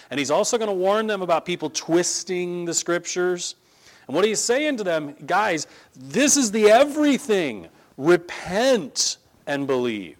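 A man preaching in a conversational Bible-teaching style, emphatic and lively, often repeating words for stress. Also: fairly high pitch.

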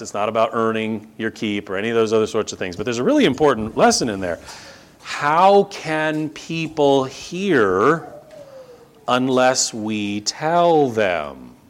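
A middle-aged man preaching a sermon as pastor, animated, with sarcastic asides and emphatic repetition. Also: on the low side, quick pace.

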